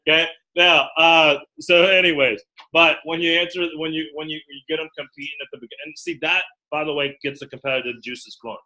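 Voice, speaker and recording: Give me an animated man coaching a small group. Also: on the high side, a little fast, poor audio. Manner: animated, acts out quotes, checks in with "okay?" often. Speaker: recruiter training a team. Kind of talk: group training talk.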